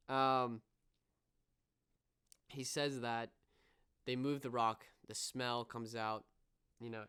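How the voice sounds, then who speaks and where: Earnest young man recapping, smooth voice. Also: mid-range voice, fairly bright tone. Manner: earnest, retells scenes with many fillers. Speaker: podcast co-host. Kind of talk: casual show review.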